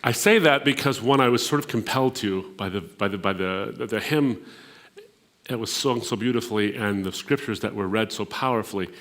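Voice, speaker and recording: A man's voice: medium pitch, a bit bright. A middle-aged man from the Middle East giving a sermon, telling a story and building to emphatic peaks, sometimes repeating words as he finds the next phrase. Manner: storytelling, rising to emphatic peaks on key points. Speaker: speaker at a Christian gathering.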